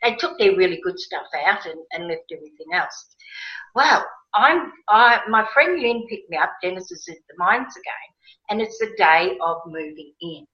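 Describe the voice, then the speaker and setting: A woman telling a personal story in a casual interview, animated and emotional, acting out her own past words. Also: mid-range voice, normal speed. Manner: animated, emotional, quotes herself with rising excitement. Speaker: guest. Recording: roomy, slightly dull sound.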